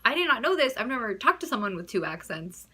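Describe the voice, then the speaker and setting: A woman's voice: fairly high pitch, big pitch swings, fast talker, pushed and bright, breathy edge. A young American woman telling her own stories to the camera in a casual, chatty way, giggling, trailing off and restarting her sentences. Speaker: vlogger.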